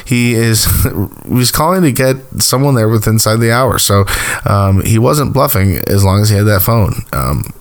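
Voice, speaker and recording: A man's voice: lowish voice, animated, moderate pace. A man casually recapping a TV episode, rambling with lots of fillers and small chuckles. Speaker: TV recap host.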